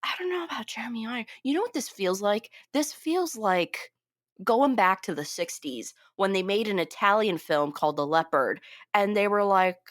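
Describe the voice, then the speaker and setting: A woman's voice: medium pitch, expressive, no room sound. Chatty woman podcast co-host, dry sound. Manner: chatty, quick asides with laughs. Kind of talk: casual film chat.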